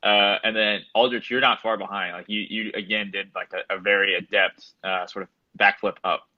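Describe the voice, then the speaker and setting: A man narrating as game master of a tabletop game, halting and full of restarts. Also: lowish voice, fairly even intonation, no echo, muffled recording.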